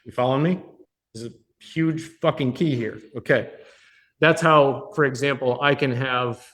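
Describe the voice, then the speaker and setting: A man's voice: medium pitch, moderate pace, a bit bright. A man leading a live workshop as a business coach, talking bluntly with plenty of swearing and often checking in with the people in the room. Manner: blunt, profane, keeps checking in with the audience. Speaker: business coach hosting a mastermind. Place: meeting room with a live audience.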